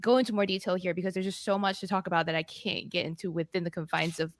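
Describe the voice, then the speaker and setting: A woman's voice: on the low side, steady tone, quick pace, dry recording. A woman co-hosting a live tech podcast, chatting casually and reading out viewer greetings with small laughs. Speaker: podcast co-host.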